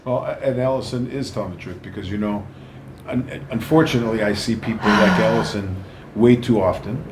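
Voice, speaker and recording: A man's voice: lowish voice, brisk, heavy background noise. A man, an implant surgeon hosting the interview, who speaks reassuringly and stammers through many restarts. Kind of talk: interview conversation.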